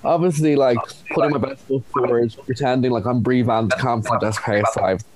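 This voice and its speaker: A man's voice: mid-range voice, a little fast. A young man with an Irish accent chatting as a guest, telling stories animatedly. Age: young adult. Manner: animated storyteller, acts out voices. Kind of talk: casual chat.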